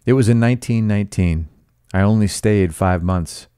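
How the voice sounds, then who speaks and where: A man's voice: lowish voice, normal speed, warm tone, clean tone, no echo, clean studio sound, lightly acted. A man reading the part of an earnest, polite young man in love, with an intense delivery.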